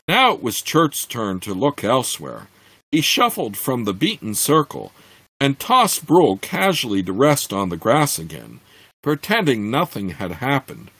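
A man reading a fantasy novel aloud, expressive, with occasional slips and restarts. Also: mid-range voice, measured pace, breathy edge, no echo. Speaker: reader.

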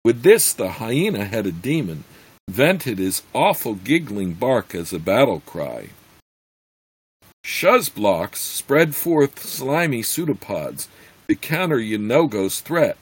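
A man reading a fantasy story aloud, slowly, with some slips and fillers. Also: mid-range voice, breathy edge, low-quality recording. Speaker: reader.

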